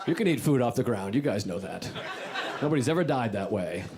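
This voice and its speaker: Animated male stand-up comic, loud crowd. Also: fairly quick. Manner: animated, jumps high in pitch for punchlines. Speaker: stand-up comedian. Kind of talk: stand-up storytelling. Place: comedy club stage. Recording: live club recording with loud crowd noise. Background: audience laughter.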